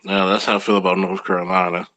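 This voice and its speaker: Animated storyteller man, dry mic. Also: deep voice, quick pace, no echo, low-quality recording. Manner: animated storytelling, imitates relatives, profane. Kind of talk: casual chat, storytelling.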